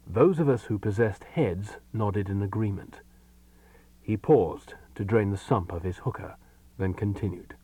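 A male narrator reading a comic short story slowly, his pitch rising and falling with lively expression. The sound is dry, with the mic set back from him. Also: husky, no room sound, recorded from a distance.

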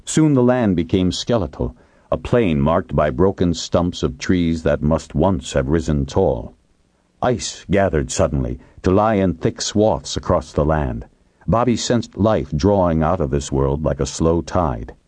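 Deep, dark-voiced male audiobook narrator. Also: lively intonation, a little slow, dry recording.

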